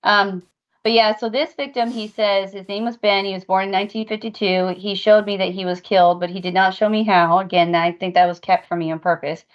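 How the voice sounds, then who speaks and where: A woman's voice: mid-range voice, fairly even intonation, brisk, muffled recording. A woman co-hosting a paranormal podcast, earnestly recounting at length what spirits showed her. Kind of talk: casual podcast discussion.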